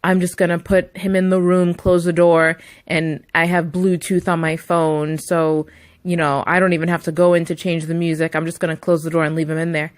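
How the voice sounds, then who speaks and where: A woman's voice: fairly low pitch, flat delivery, normal speed, no echo, studio quality, close to an everyday voice. A woman voicing a careless young boyfriend in her retelling, offhand and dismissive toward a child.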